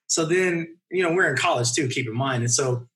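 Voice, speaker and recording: Animated storytelling man, raised pitch. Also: brisk. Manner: animated, acts out the people in his stories. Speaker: podcast guest, mountain runner. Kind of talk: casual storytelling.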